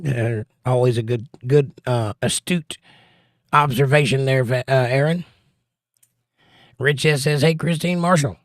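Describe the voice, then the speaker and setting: A middle-aged man hosts a casual live stream, reading viewer comments aloud and firing back wry, teasing remarks. His voice sits at an ordinary middle pitch. The sound is close and dry, with no room echo. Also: a little slow, pauses often. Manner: wry, teasing chat banter. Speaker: livestream host reading chat.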